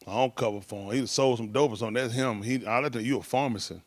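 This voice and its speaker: A man's voice: mid-range voice, fast, dry recording. A man telling stories in casual talk, rambling loosely and breaking into laughs. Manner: loose rambling delivery with laughs and shouted impressions.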